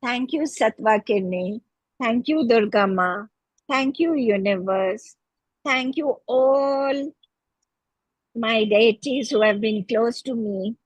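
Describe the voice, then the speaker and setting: A woman's voice: fairly high pitch, takes it slowly, dry recording, low-quality recording. A middle-aged woman with an Indian English accent giving a fervent, grateful spoken testimonial about a healing practice.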